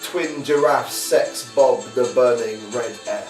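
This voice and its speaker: A man's voice: medium pitch, slow, darkish tone, soft background music. A man performing his poems live at a reading, playful and chatty, often chanting a repeated phrase. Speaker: performing poet. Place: library reading room. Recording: echoey room, voice from far off.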